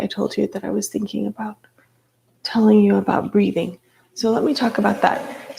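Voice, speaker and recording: A woman's voice: medium pitch, creaky, warm tone. A woman teaching a live yoga class, chatty, with frequent ums and light laughs.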